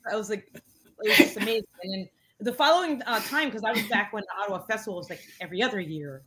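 A woman in her forties, a guest in a casual interview, telling stories with lots of fillers and lively quoted voices. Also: quick pace, over a noisy crowd. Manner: animated, many fillers, acts out quotes in a higher voice. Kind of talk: casual storytelling chat.

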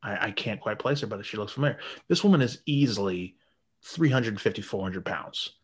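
A man telling a crude story in a casual podcast chat, swearing heavily and laughing while acting out quotes in an animated way. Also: on the low side, brisk, slightly rough.

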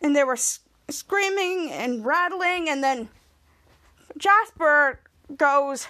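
A high, animated, bright and forceful voice belongs to a woman hosting a podcast, who speaks slowly. She gives a rambling recap of a TV episode, tying scenes together with "like" and "and then" while frequently restarting and correcting herself.

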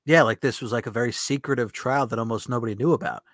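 A man hosting a relaxed interview, encouraging his guest and trailing off into casual asides. His voice sits at a middle pitch. The recording is dry and close. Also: fast, no echo. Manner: easygoing, encouraging, says "very cool". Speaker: interviewer host.

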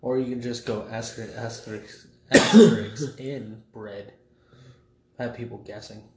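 A man's voice: mid-range voice, fairly even intonation, unhurried. A man co-hosting a podcast in casual banter, blunt and profane, telling stories. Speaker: podcast co-host. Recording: echoey room with faint noise.

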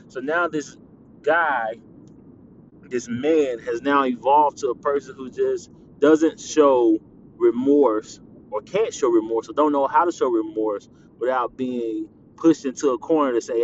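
Animated podcast host, teasing and laughing. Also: male voice, mid-range voice, a little slow. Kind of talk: casual monologue podcast. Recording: slightly dull lo-fi audio with faint background noise.

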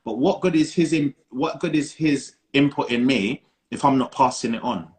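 A man's voice: medium pitch, normal speed, a little mellow. A man, co-hosting a podcast and talking earnestly, repeating key phrases for emphasis. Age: 30s. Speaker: podcast co-host. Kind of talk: casual chat.

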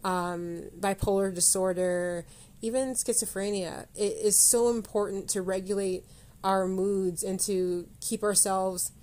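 A woman's voice: mid-range voice, steady tone, a little slow, darkish tone. A woman hosting a motivational solo podcast. She rambles, corrects herself mid-sentence and speaks straight to the listener. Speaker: podcast host.

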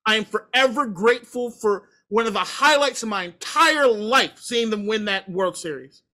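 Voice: medium pitch, expressive, normal speed, sharp tone. Heated, profane sports-talk ranter. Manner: emphatic repetition.

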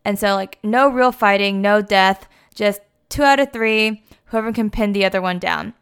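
A woman's voice: mid-range voice, normal speed, fairly bright tone, clean tone. A young adult woman casually retelling a story, chatty and full of fillers like "like" and "you know".

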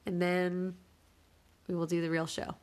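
A woman's voice: fairly low pitch, completely flat delivery, a little slow, a little mellow. A woman co-hosting a casual podcast, teasing and laughing easily as she chats. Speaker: podcast co-host. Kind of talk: casual chat.

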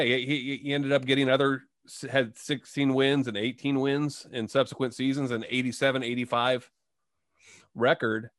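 A man's voice: mid-range voice, a bit bright, no room sound, clean studio sound. A man hosting a casual sports talk show, reciting player stats and asking his guest questions. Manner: reads stats, asks questions. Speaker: host.

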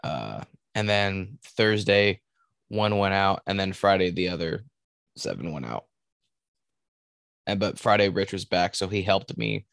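A podcast co-host rambles through casual banter, swearing and restarting himself many times. His deep voice is animated, creaky and fairly bright, recorded in studio quality with no room sound.

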